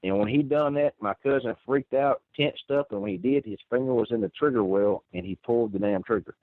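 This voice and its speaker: A man tells his story in a rambling, earnest way, often restarting a sentence. His voice sits at an ordinary pitch. It comes through a tinny, dry phone line. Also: a little fast, dry recording. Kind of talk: first-person storytelling.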